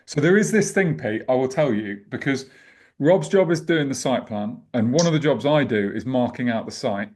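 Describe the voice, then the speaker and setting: A man co-hosting a podcast in relaxed, matter-of-fact casual chat. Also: medium pitch, moderate pace. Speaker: podcast co-host.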